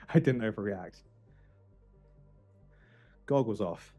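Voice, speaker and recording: A man streaming a game for charity in casual, joking chat, swinging from loud outbursts to quiet muttering. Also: fairly low pitch, a little slow, long pauses, soft background music.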